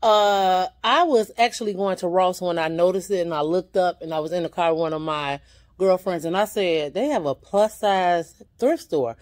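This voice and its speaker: In a casual shopping vlog, a woman with a lowish, darkish voice chats upbeat at a normal speed, addressing her viewers directly. She carries a handheld camera as she tours an indoor boutique.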